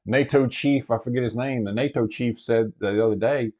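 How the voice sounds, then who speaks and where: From the cab of a truck, a prepper vlogger with a mid-range, darkish voice chats easily to his regulars at a moderate pace. He rambles with plenty of fillers, restarts and asides, barely pausing.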